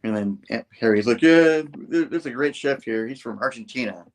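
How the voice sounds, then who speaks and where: A man speaks fairly quickly at a medium pitch, casually going through a comic book one scene at a time. Chatting in a relaxed way, he performs the characters' lines in loose voices.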